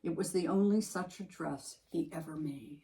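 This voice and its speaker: A woman with a gravelly voice that sits low co-hosts a podcast, speaking at normal speed in casual book talk about a title that mattered to her. She is emphatic and animated, restarting as she thinks aloud. The low-quality recording carries a little hiss or hum.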